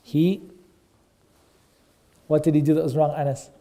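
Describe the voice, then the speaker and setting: A man with a high, mellow voice tells a story to a children's class. He speaks in an animated way and says key phrases again and again for emphasis. He often stops to ask the children questions. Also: unhurried. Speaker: teacher of a kids' class.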